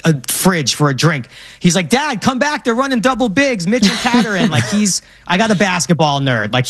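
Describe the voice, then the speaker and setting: A man tells animated stories in a casual sports chat, using plenty of fillers. His voice sits a little high. The sound is dry and close, with no room in it. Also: no room sound. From Brooklyn, New York. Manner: animated storyteller, many fillers. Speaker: guest.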